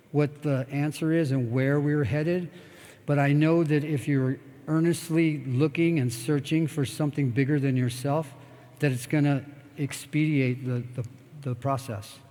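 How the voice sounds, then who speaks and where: An older man from the United States talks in a blunt, rambling way, swearing freely as he answers questions from a live audience. His voice sits a little high for a man. A long hall reverb trails behind every phrase. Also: steady tone, moderate pace, a little mellow. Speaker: guest speaker. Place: expo talk stage in a large hall.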